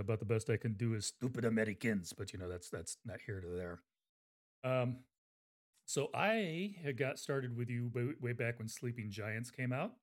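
A man's voice: mid-range voice, a little mellow. A man hosting a casual livestream book interview, chatty and rambling with fillers. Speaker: interview host.

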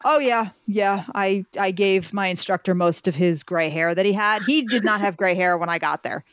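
A woman's voice: medium pitch, normal speed, clean tone, no room sound, clean studio sound. A woman guest telling a story in a casual interview, acting out other people's lines as she goes. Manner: animated storyteller, acts out quoted voices.

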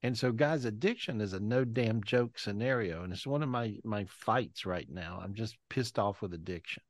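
A man's voice: lowish voice, normal speed, no echo. Man host on a video call, repetitive and heartfelt, casual swearing, dry close sound. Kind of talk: live video call chat.

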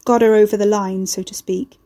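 A woman narrator puts on a sly neighbour man in a dark storybook tale. He is cocky and slangy, needling the heroine with mock innocence. The voice stays mellow and soft-edged. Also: sits high, little pitch movement, fairly quick. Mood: teasing. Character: sly teasing male neighbour, cheeky and mocking.

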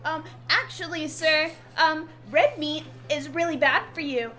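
A woman's voice: high voice, unhurried, pushed and bright. A woman voicing a chirpy young woman adventurer in a tabletop game, earnest and chatty, hedging often with "um".

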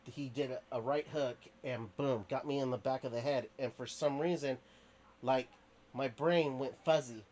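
Animated man telling a long story. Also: mid-range voice, normal speed, a little hiss or hum. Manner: animated, rambling, many fillers and restarts. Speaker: podcast guest. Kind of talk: casual storytelling.

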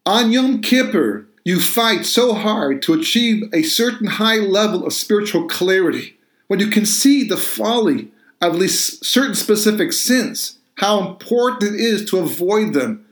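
A man with a fairly high voice talks about his religious books in an earnest, explaining way. The sound is roomy and echoey. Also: lively intonation, measured pace. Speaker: author.

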